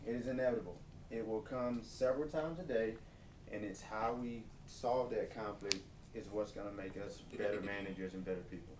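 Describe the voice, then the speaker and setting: A lower-voiced man shares quick, earnest feedback as a workshop participant. He is heard from a distance in a reverberant room, with steady background noise. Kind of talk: reflective group feedback.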